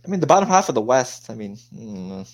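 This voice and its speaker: A man's voice: mid-range voice, very animated, brisk. A man co-hosting a casual sports podcast, cutting in briefly with facts and results. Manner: brief interjections, cites stats. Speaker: podcast co-host.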